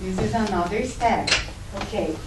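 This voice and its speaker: A woman's voice: medium pitch, moderate pace, noisy background. A middle-aged woman giving an informal talk to a group, conversational and explaining through acted examples. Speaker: speaker at a spiritist group. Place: meeting room. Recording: roomy echo, distant mic.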